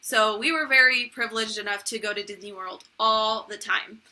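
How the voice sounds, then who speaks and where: A woman's voice: medium pitch, moderate pace, bright, forceful tone. A young woman co-hosting a podcast, telling stories in casual chat and acting out what people said. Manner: chatty, storytelling, acts out quotes. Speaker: podcast co-host.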